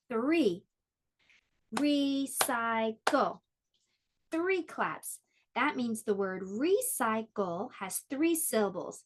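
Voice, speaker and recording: A woman teaching an online preschool lesson, speaking slowly in a sing-song way to small children. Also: fairly high pitch, fairly bright tone. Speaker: pre-K teacher.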